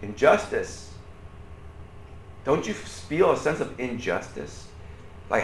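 A man preaching a sermon to a room, animated, swinging from loud outbursts to quiet asides and asking the audience questions. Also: medium pitch, takes it slowly, reverberant, slight background noise. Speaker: pastor.

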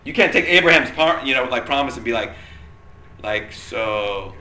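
Bright-voiced man teaching a Bible class. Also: mid-range voice, animated, fairly quick. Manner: chatty, checks in with the class often. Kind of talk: casual Bible lesson. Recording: roomy echo, faint room noise.

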